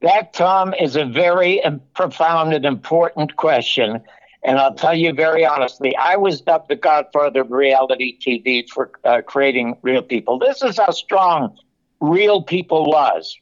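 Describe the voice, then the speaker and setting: An older man, a television producer, telling animated stories in an interview and acting out the dialogue. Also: a little high, a little slow. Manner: animated anecdote-telling, acts out quoted dialogue. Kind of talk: storytelling interview. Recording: muffled, lo-fi audio.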